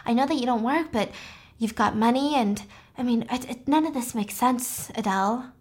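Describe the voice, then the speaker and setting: A woman's voice: on the high side, moderate pace, darkish tone, husky. A woman voicing an alarmed young woman who pleads urgently, in a casual retelling. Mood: pleading.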